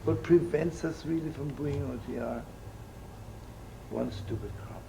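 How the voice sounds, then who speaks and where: With a mellow, mid-range voice marked by vocal fry, a rabbi takes his time giving a sermon of stories and jokes. He performs the voices in his tales, and the live recording is rough, with faint room noise.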